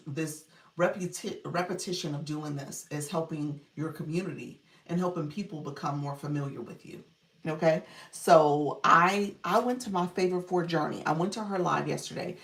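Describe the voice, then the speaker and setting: Woman, live-stream coach, casual chatty talk, gravelly voice, echoey room. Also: low-pitched. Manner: chatty, greets viewers, laughs often. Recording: echoey room, voice distant from mic.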